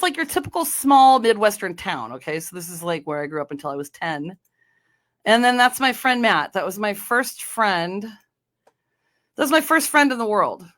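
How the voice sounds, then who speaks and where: A woman's voice: medium pitch, fairly bright tone. A woman from North Dakota hosting her own podcast, talking casually in a meandering way, with many fillers and restarts. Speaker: podcast host. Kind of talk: casual solo podcast chat.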